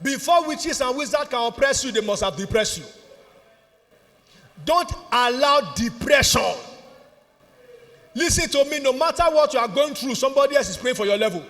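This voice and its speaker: A Nigerian man preaching a sermon as pastor, exuberant, often laughing and shouting. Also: very high-pitched, animated, moderate pace, long pauses, long reverb tail. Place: church.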